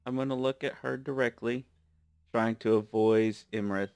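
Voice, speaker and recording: A man playing a tabletop game, speaking slowly and searching for words. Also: mid-range voice, steady tone, vocal fry, a little mellow, clean tone, no echo. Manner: slow, deliberate, searching for words. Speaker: player. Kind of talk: tabletop role-play.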